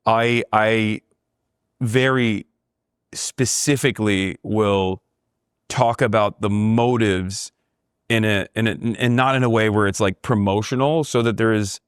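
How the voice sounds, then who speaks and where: A man who grew up in Turkey, talking as a podcast guest in a measured, thoughtful way. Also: lowish voice, fairly even intonation, smooth, dry recording, studio quality. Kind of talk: casual conversation.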